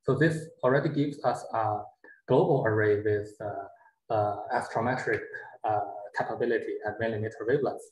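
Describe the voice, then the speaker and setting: A man giving a halting talk over a video call, with many fillers. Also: fairly low pitch, darkish tone, echoey room, poor audio. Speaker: conference speaker. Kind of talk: online conference talk.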